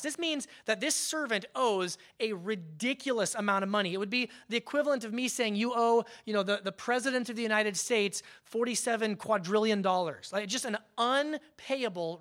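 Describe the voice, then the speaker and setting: A man preaching a sermon as pastor, conversational, with emphatic swells and hushed drops, often repeating words as he restarts a phrase. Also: high voice, normal speed, few pauses.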